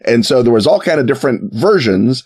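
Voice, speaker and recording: A man telling a history story in a casual, wry way, with joking asides and quick put-on voices for quoted people. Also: mid-range voice, animated, a little mellow, breathy edge.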